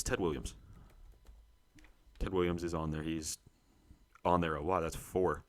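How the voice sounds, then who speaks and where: A man's voice: low voice, fairly even intonation, unhurried, long pauses, bright, forceful tone. A young man, co-host of a sports show, thinking aloud to himself as he works through a trivia quiz, muttering and searching for names.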